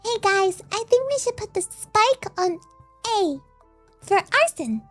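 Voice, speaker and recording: A woman putting on a silly, squeaky, high-pitched voice for a bubbly female gamer calling out plays. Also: very animated, a little slow, faint music behind, heavily acted. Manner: high, sing-song and silly.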